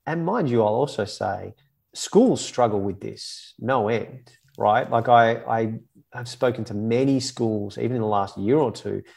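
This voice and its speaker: A man with a gravelly, mid-pitched voice. He talks through ideas in long, casual runs and keeps checking in with listeners. The tone is relaxed and conversational, as on a podcast. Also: measured pace. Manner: explains in long runs, often tagging "right?".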